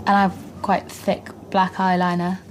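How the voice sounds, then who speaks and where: A bubbly woman chats about her acting work in an interview. She sounds easily flustered, and her voice sits a little low with faint ambient noise around her. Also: completely flat delivery, normal speed. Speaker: actress. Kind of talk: interview chat.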